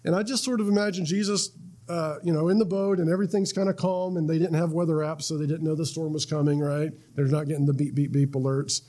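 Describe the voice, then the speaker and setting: A man's voice: on the high side, steady tone, fast talker, mellow. A man preaching a sermon in a conversational way, often restarting words and checking in with "right?". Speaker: pastor.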